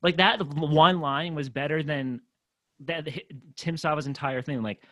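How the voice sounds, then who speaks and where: A man's voice: fairly high pitch, measured pace, pushed and bright, dry recording, soft background music. Young man mocking a song, dry close sound. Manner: mocking, swearing, laughing. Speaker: co-host reacting to a song. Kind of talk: casual profane reaction chat.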